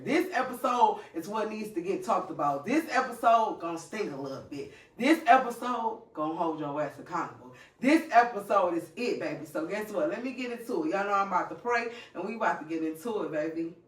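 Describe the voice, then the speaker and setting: A woman hosting her own podcast solo, talking passionately in repeated, preachy bursts. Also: mid-range voice. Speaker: podcast host. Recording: echoey room, distant mic.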